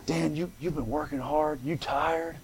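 A male preacher voicing a sly devil who coaxes softly and lulls the listener. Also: on the high side, fairly even intonation, measured pace. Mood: coaxing. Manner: hushed, soothing, lulling.

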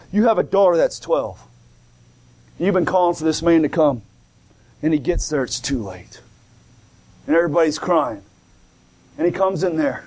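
High-voiced male preacher. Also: darkish tone. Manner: reads scripture in old King James wording, then preaches in plain talk with rising fervor; colloquial, repeats and restarts, calls out "come on now" and "glory". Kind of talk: sermon.

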